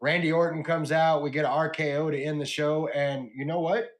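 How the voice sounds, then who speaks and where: Upbeat male podcast host, fairly high voice. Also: a little fast. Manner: animated play-by-play retelling. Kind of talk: casual wrestling recap chat.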